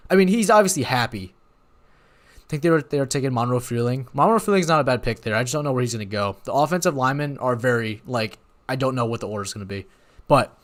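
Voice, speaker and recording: A young man hosts a live stream and reacts as things happen, rambling and excitable. He keeps stopping to apologize and correct himself. His voice sits at an ordinary middle pitch. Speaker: watch party host.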